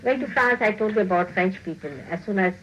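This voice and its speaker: This spiritual teacher talks fast in a medium-pitched, fairly bright voice, though the recording cuts off the highs and carries a little hiss or hum. Speaking to her followers, she scolds them in a teasing way, laughs frequently, and imitates the voices she quotes.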